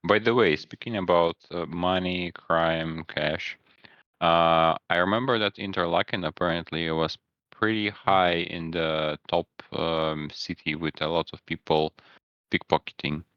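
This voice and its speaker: A man's voice: sits low, fairly even intonation, measured pace, no room sound, lo-fi sound. A young man co-hosting a casual podcast chat, telling work stories with many fillers and restarts. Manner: storytelling, hesitant with many fillers. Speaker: podcast co-host.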